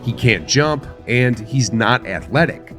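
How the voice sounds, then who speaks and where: A man's voice: mid-range voice, animated, slow, a bit bright, soft background music. A man giving scripted narration for a sports compilation with a dramatic storytelling delivery.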